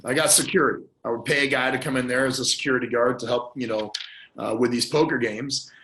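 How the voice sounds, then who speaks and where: A man speaks fast in a mid-range, slightly bright voice with fairly even intonation, appearing earnestly as a podcast guest to tell a painful personal story. He repeats words, restarts often and at moments chokes up with emotion. The audio has a roomy echo and slight background noise.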